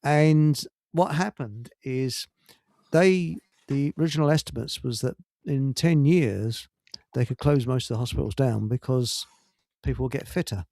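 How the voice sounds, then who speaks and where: A man's voice: mid-range voice, measured pace, creaky, darkish tone, dry recording. A man hosting a casual talk show, rambling through stories, laughing often and restarting his sentences. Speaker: radio show host. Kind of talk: casual chat with anecdotes.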